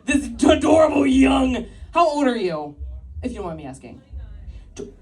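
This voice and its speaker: A woman's voice: high-pitched, big pitch swings, normal speed, recorded from a distance, soft background music. Brash woman comic on a club stage. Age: 30s. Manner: brash, crude, loud crowd banter with frequent laughs. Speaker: stand-up comedian. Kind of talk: stand-up set with crowd work. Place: live club stage with audience.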